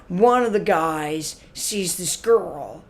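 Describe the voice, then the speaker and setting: An actor uses a high-pitched, expressive, creaky, exaggerated voice and a slow pace to play a laid-back, clueless young stoner hosting a comic web show. His comedy sketch monologue is a filler-heavy drawl, with "man" added to phrase after phrase.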